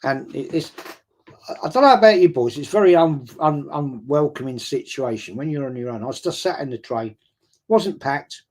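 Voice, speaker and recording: A man's voice: fairly high pitch, lively intonation, moderate pace. A man casually telling a story and answering viewer questions on a stream, swearing freely and often stumbling over repeated words. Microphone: streaming setup mic.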